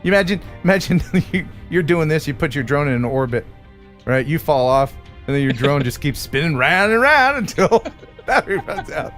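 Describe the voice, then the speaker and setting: Lively, jokey American male host. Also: fairly high pitch, moderate pace, faint music behind. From United States. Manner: jokey, laughs often, animated. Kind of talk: casual live-stream chat.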